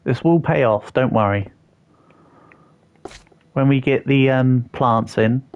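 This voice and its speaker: Speaking slowly at medium pitch, a young man streams a building game and chats casually, replying to his viewers with self-deprecating humor. Faint music plays behind slightly dull audio.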